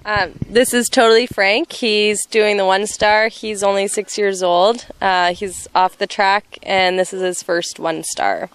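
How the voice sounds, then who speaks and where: A woman's voice: mid-range voice, steady tone, unhurried, hardly any pauses, a bit bright, clear, resonant tone. A woman from Canada, an event rider, answering interview questions outdoors in a plain, slightly hesitant way.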